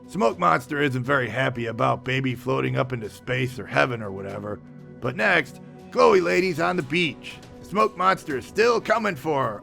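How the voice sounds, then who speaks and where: A man giving a sarcastic comic recap of a movie, with deadpan asides. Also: medium pitch, normal speed, creaky, soft background music. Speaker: movie reviewer.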